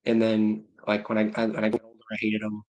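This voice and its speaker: A man's voice: on the low side, completely flat delivery, fast talker, a little mellow. A man in his thirties hosting a livestream, rambling in casual chat, breaking off mid-sentence and chuckling at his own stories. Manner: rambling, self-interrupting, laughing to himself. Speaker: livestream host.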